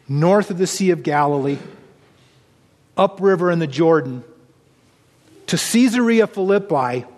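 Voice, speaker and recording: A man with a notably high voice preaches a sermon. He reads scripture aloud and explains it with earnest conviction. His voice rings out with a long reverb, as if in a large hall. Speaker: pastor.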